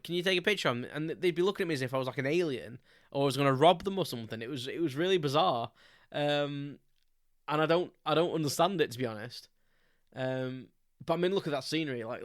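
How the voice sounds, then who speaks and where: A man's voice: medium pitch, fairly bright tone, dry recording, studio quality. A man, hosting a podcast and telling a story in a loose, rambling way, with many ums and frequent chuckles. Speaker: podcast host. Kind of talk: casual storytelling monologue.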